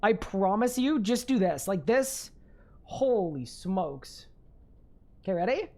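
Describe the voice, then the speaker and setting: Excitable young woman streaming a game. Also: mid-range voice, slow. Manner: excitable, laughs often, talks to chat. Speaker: gaming streamer. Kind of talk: live gaming commentary.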